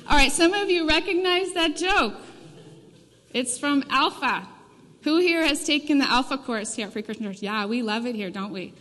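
A woman's voice: sits high, animated, normal speed, a bit bright. Woman preaching in a reverberant church. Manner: conversational storytelling. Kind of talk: sermon. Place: church sanctuary.

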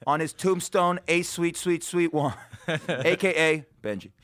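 A man with a New York accent hosts a comedy podcast in loose banter, brash and profane. His voice sits a little high and rings bright and forward. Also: unhurried. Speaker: podcast host.

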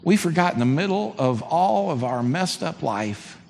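A man preaching a sermon as a pastor, conversational and animated. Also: fairly high pitch, moderate pace, creaky. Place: church sanctuary. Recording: long hall reverb, faint background noise.

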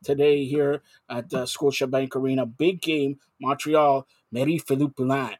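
A man hosting casual sports talk, sarcastic and animated, getting loud and sing-song when he rants. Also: mid-range voice, moderate pace, no echo.

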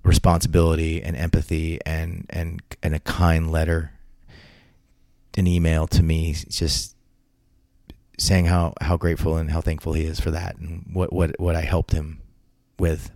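A man's voice: a bass voice, completely flat delivery, unhurried, vocal fry, darkish tone, dry recording, clean studio sound. A man telling a long, rambling story as an interview guest, often restarting and repeating words. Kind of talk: casual anecdotal storytelling.

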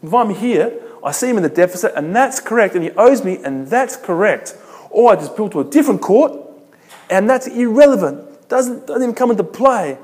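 A man's voice: high-pitched, lively intonation, a little fast, a little mellow. A man preaching a sermon emphatically, repeating phrases and asking rhetorical questions. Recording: long reverb of a large hall.

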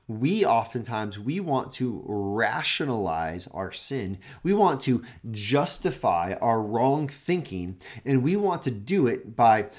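Male pastor, mid-pitched voice, earnest devotional teaching with dramatic scripture reading that swings from loud to hushed. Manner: earnest, repeats words while searching for phrasing. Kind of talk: daily devotional Bible teaching.

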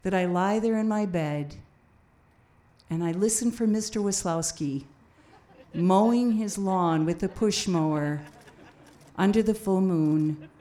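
A woman finishing a personal story for an audience, slow and reflective. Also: mid-range voice, warm tone.

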